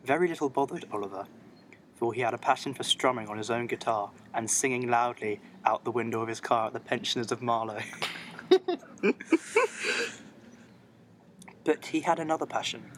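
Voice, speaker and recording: A man's voice: medium pitch, fairly quick, a little hiss or hum. A man, a podcast co-host, reading a comic story aloud to his friends and laughing through it.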